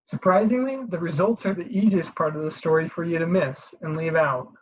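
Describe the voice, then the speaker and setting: A presenter giving an instructional voice-over, explaining each step steadily and clearly with a few small restarts. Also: medium pitch, brisk, lo-fi sound, slight background noise. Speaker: career advice presenter.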